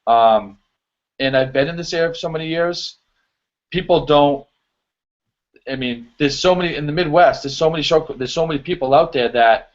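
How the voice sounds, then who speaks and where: A man, a show choir choreographer chatting as a guest on an interview show, lively, filler-heavy and quick to laugh. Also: a little high. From US East. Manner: animated storyteller, laughs easily, many fillers. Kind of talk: casual interview chat. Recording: dull lo-fi audio.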